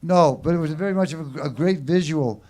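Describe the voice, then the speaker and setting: A man's voice: on the high side, fairly quick, over music. A man emceeing an open mic, telling a rambling story and then introducing the next performer heartily. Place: small showroom stage.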